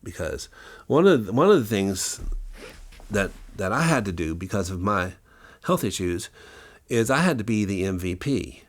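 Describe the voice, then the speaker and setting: Low-voiced man telling rambling stories. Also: sing-song, moderate pace. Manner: rambling, anecdotal, with many fillers and restarts. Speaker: musician and music teacher. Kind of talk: interview storytelling.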